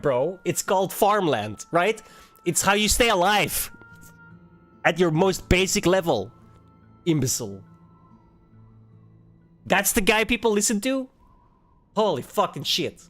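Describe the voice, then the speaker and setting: Fired-up high-voiced man ranting. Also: very animated, unhurried, long pauses, a bit bright, faint music behind. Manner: angry, profane ranting with laughs. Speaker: livestream host reacting to clips. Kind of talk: heated reaction commentary.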